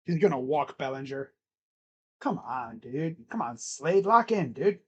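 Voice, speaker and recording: A young man calling a baseball game live for his stream, casual and chatty, talking to his cat between pitches. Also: very animated, a little slow, fairly bright tone, slightly rough, dull audio. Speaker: sports streamer. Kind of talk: live play-by-play reaction stream.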